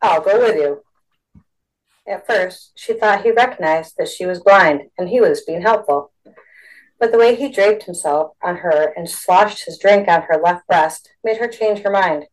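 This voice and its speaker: A woman narrating a storybook with a steady, expressive delivery. Her voice sits slightly low for a woman. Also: moderate pace, low-quality recording. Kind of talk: storybook reading.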